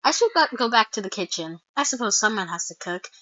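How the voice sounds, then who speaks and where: Excitable woman, bright lively voice, reads and reacts to a fan comic, dry lo-fi mic. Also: mid-range voice, fast talker, no echo. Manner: excitable, with squeals and laughs. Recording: slightly dull lo-fi mic.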